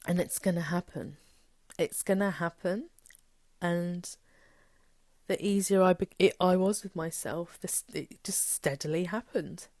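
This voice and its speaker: Woman spiritual coach, low voice, blunt and emphatic, swears casually, dry close recording. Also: no echo. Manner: frank and emphatic, swears freely, animated quoting. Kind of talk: candid motivational talk.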